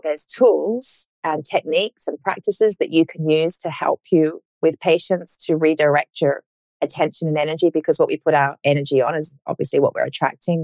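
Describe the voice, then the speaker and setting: Female coach and author, low voice, dry recording, warm-hearted encouraging advice in casual talk. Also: no echo. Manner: encouraging, reflective, animated in bursts. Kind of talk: casual podcast conversation.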